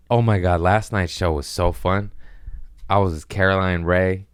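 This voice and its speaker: A low-voiced man in his thirties rambles through crude, comic family stories on his podcast and keeps dropping into quick put-on voices. His voice sits deep, and the studio sound is close and dry, with no room around it. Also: fairly even intonation, clear, resonant tone, no room sound. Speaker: podcast host. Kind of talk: casual comedic chat. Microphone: studio podcast mic.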